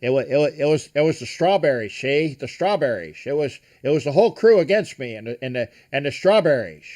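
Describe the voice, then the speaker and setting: A man's voice: fairly high pitch, lively intonation, a little fast, a little mellow, close to an everyday voice. A man doing a paranoid old-film ship captain.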